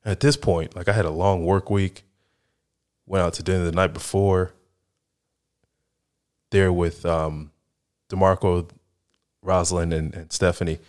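A man's voice: deep voice, level tone, unhurried, long pauses, darkish tone. A man in his thirties from the Chicago area, hosting a podcast and telling casual, rambling stories, laughing often and peppering his talk with "like" and "right?". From Chicago area, United States. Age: 30s. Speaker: podcast host. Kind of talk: casual storytelling monologue.

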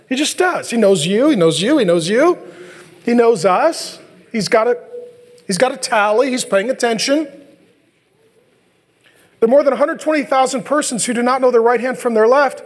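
Man, pastor, very high voice, animated comic sermon, church hall with long reverb. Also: normal speed, long pauses. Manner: animated, acts out biblical dialogue with comic voices.

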